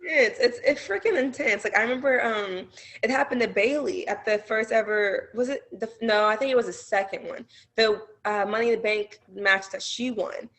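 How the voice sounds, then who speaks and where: Young woman on a podcast, rambly and animated, says like a lot. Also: fairly high pitch, moderate pace. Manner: animated storytelling, lots of fillers. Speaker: guest wrestler. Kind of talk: casual podcast chat.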